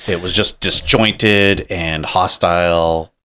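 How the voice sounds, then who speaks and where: A man with a very deep voice hosts a podcast. He talks in a casual, halting way and searches for his words. His low tone stays steady and unhurried. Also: clear, resonant tone. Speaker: podcast host. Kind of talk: casual conversation.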